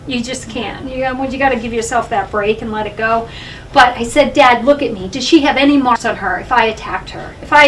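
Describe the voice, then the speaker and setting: A middle-aged woman from Massachusetts giving an animated talk about her own life at a library, recorded from a distant room mic. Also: sits high, a little hiss or hum. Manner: animated storyteller, often laughing. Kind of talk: personal storytelling talk.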